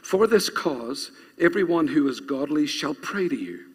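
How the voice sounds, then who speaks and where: A man's voice: fairly high pitch, big pitch swings, a little slow, breathy edge. A male pastor preaching a sermon, reading scripture aloud and urging the congregation to repeat lines after him. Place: church. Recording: long reverb of a church hall.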